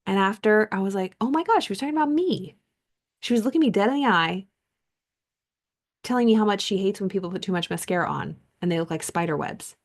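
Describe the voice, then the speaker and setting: A woman's voice: medium pitch, fairly quick. A woman coach reading a self-help book aloud, then chatting casually about it and telling stories with many fillers.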